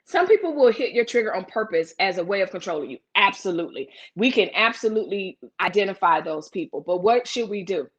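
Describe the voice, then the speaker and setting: A woman hosts a live chat and speaks with blunt energy, addressing her viewers directly. Her voice sits at a middle pitch for a woman. She answers viewer comments as they arrive. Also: brisk, hardly any pauses, dull audio. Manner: blunt, animated, talks straight to viewers. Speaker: host of a live chat show.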